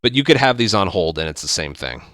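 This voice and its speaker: Lively low-voiced gaming tutorial host. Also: male voice, fast talker, no room sound, studio quality. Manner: relaxed, explaining step by step with fillers. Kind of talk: casual game commentary.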